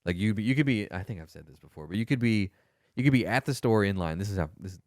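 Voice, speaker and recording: A man co-hosting a casual podcast, telling stories with lots of swearing and animated quoted voices. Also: fairly low pitch, fast talker, dry recording, clean studio sound. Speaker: podcast co-host, former Marine. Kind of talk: casual storytelling chat.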